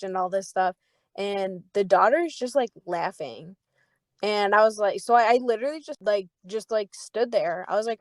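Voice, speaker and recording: A young woman on a podcast mic, telling a story in a loose, swearing, animated way with plenty of "like" fillers. Her voice sits at a middle pitch and sounds close and dry, with no room behind it. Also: normal speed, no echo. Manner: animated, profane, full of "like" fillers. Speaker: podcast co-host. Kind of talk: casual storytelling chat.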